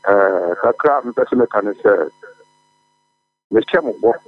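A man with a Ghanaian accent calling a sports radio show, talking loudly and eagerly over a distant, tinny phone line. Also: lowish voice, expressive, unhurried, dry recording, faint music behind. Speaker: caller.

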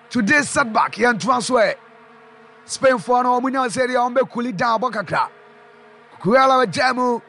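A man with a Ghanaian accent giving excited live football commentary, shouting player names and mixing local language with English. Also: very high-pitched, vocal fry.

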